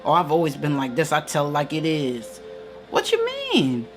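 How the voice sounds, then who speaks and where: A woman's voice: sits low, huge pitch swings, moderate pace, faint music behind. A woman giving an emphatic, preacherly motivational talk on a live stream. She repeats her key lines and answers viewer comments. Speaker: spiritual teacher hosting a live stream.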